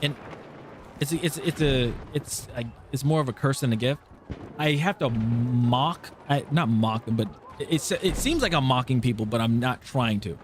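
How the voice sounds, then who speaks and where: A man's voice: medium pitch, animated, normal speed, slight background noise. A man from California with a slight Southern twang, chatting casually on a live stream while he plays, telling rambling stories and cutting himself off mid-sentence. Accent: American with a slight Southern twang. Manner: rambling, self-interrupting storytelling.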